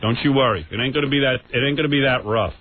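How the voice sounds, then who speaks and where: A radio host with a mid-range voice races through a crude, mock-menacing bit aimed at a rival. The broadcast sounds tinny and lo-fi, with a faint hiss.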